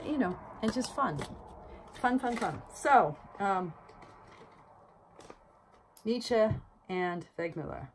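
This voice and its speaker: A woman's voice: deep voice, a little hiss or hum, poor audio. A woman hosting a video, talking casually and musing as she shows cards, with many fillers. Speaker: tarot channel host. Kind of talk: casual talk to camera.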